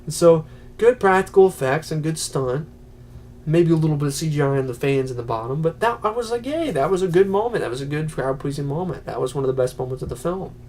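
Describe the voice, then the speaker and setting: A man giving a casual, rambling spoken film review, full of fillers and quick acted-out quotes. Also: a little high, lively intonation, a little mellow. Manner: rambling, many "you know" fillers, acts out quotes. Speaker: movie reviewer.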